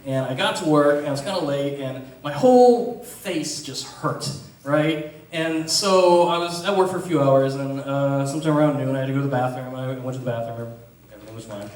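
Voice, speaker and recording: A man telling a funny story before a live theater audience, animated, laughing often and swearing casually. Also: mid-range voice, fairly quick, a little hiss or hum. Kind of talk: live comic storytelling on stage. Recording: echoey theater, distant mic, audience reacting.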